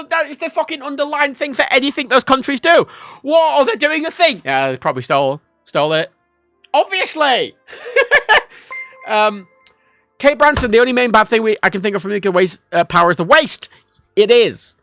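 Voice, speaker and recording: Bright, lively young man ranting. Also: high voice, no echo. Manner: profane, ranting, opinionated. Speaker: livestreamer. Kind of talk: casual gameplay stream commentary.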